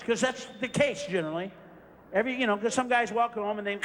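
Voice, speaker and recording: A male stand-up comedian ranting profanely and shouting through a live routine. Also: high voice, fast talker, big-room sound, a loud crowd, heavy background noise.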